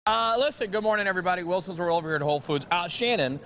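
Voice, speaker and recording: A man's voice: high-pitched, animated, rapid-fire. A man hosting a live morning TV segment from inside a grocery store, joking, upbeat and a bit hammy. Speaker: morning TV show host. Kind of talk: playful live TV segment banter. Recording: muffled broadcast audio, faint noise.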